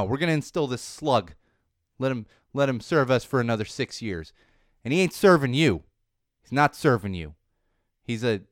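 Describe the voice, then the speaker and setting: A man's voice: mid-range voice, dry recording, clean studio sound. A man in his thirties hosting a casual chat, ranting in a profane, opinionated way with lots of fillers, his voice a little worn from a cold. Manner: animated, profane and opinionated, with many fillers and restarts. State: voice going, getting sick. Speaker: podcast host.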